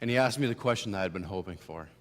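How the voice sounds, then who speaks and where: A young man giving a personal testimony as a church speaker, moving between hushed and emphatic storytelling. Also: low-pitched, animated, very fast. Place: church sanctuary. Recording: long hall reverb.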